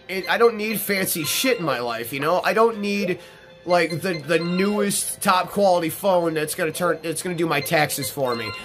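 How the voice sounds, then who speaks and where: A man's voice: high-pitched, a bit bright. A man commentating on gameplay in a casual, rambling way, swearing freely and filling his talk with ums and restarts. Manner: rambling and profane, with many fillers and restarts. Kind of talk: casual let's-play storytelling.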